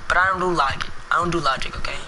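A man's voice: a little high, very fast, noisy background. A man casually commentating his gameplay, brash and trash-talking the characters on screen. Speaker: gameplay streamer.

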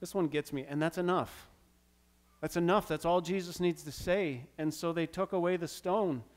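Male pastor, slightly high voice, dramatic sermon delivery with hushed and loud turns. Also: moderate pace. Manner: dramatic, acts out quoted lines. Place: church.

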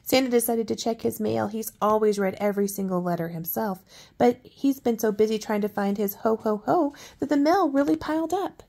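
Older woman, bedtime read-aloud, gravelly, fairly high, soft coaxing asides. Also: fairly quick. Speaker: storyteller.

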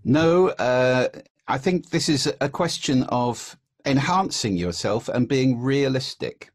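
A man's voice: medium pitch, animated, takes it slowly, dry recording, clean studio sound. A man answering interview questions about the voice, explaining and demonstrating voice techniques. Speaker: voice expert guest.

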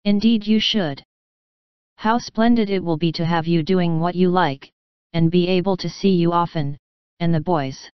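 A woman voicing a spirited, proud young woman with quick, bright replies. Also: fairly low pitch, clear, resonant tone, dry recording, highs cut off, close to an everyday voice. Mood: eager.

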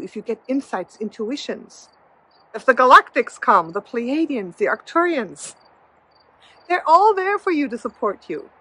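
A woman's voice: a little high, fairly bright tone, slight background noise, poor audio. A woman giving a reassuring, casual spiritual pep talk outdoors, speaking straight to her viewers. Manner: soothing, reassuring, talks directly to viewer. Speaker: spiritual video host. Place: outdoors in nature.

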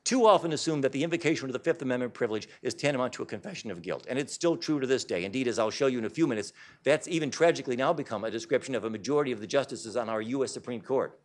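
Fast-talking man giving an emphatic lecture. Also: medium pitch, expressive. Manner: emphatic, insistent. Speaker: author giving a public talk. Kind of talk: public lecture to an audience. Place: hall with a live audience.

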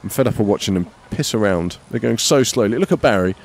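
A man's voice: on the low side, expressive, fast. A man hosting a casual let's-play, rambling, joking and swearing freely as he plays. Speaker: gaming channel host.

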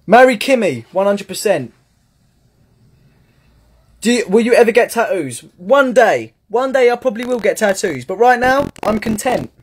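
A man's voice: high voice, sing-song, normal speed, husky. A young man with a British accent chatting casually on a live stream, playfully reading out fan gifts and comments.

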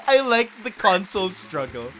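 A woman hosting a casual let's-play, excitable and giggly, exclaiming often as she plays. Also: medium pitch, very noisy. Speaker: host. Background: game music.

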